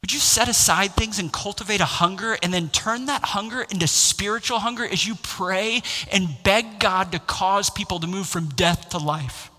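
High, bright-voiced preaching man. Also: normal speed, hardly any pauses. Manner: impassioned, builds to raised exclamations. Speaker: pastor. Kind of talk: sermon. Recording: long hall reverb.

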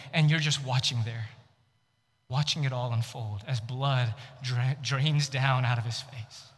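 A man preaching a sermon that retells the story vividly in the second person, shifting between loud and hushed delivery. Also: a little high. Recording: long hall reverb.

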